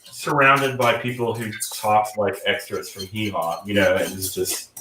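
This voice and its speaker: A guest cook from North Carolina, partly raised in Georgia, chats casually while cooking in a General American accent, peppering his talk with "like" and "you know." His voice is fairly low and unhurried, recorded from a distance with reverb and a noisy background.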